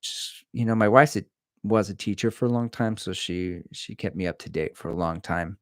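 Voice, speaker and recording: Low-voiced man chatting on a livestream. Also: moderate pace, dry recording, clean studio sound. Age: middle-aged. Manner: rambling, jokey, reads viewer comments aloud. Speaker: livestream host answering chat. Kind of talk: casual live-stream chat.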